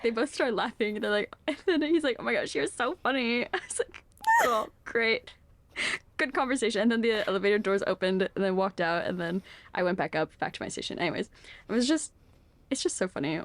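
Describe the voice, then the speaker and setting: A woman's voice: medium pitch, animated, fairly quick, no echo. A woman in her twenties, co-hosting a podcast in casual chat. She tells stories with lots of "like" fillers and laughs often. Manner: chatty storyteller, laughs often, heavy "like" filler. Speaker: podcast co-host.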